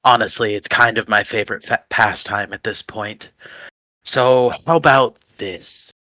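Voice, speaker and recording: Guy doing a soft slow devil voice that taunts and bargains, bright tone, dry sound, feels like a tabletop game villain whispering in your head. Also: lowish voice, fairly even intonation, no room sound. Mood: taunting. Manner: slow, quiet and mocking.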